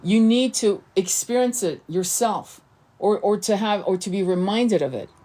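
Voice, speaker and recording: A woman giving a casual spiritual teaching straight into her phone or webcam. She talks earnestly and loosely, restarting sentences and doubling up words as her thoughts run on, in a voice of ordinary middle pitch. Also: moderate pace, mellow. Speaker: tarot reader and spiritual coach.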